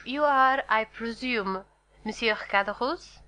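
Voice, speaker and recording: A woman reading an audiobook, voicing a grave male priest with an Italian accent who asks measured, probing questions. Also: a little high, pushed and bright.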